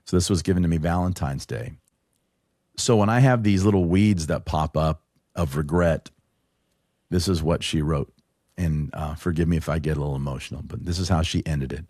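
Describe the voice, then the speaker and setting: A middle-aged man, a podcast guest, tells an emotional personal story in conversation, earnest and halting, often restarting his sentences. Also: very deep voice, a little mellow, dry recording, studio quality. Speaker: podcast guest, show producer.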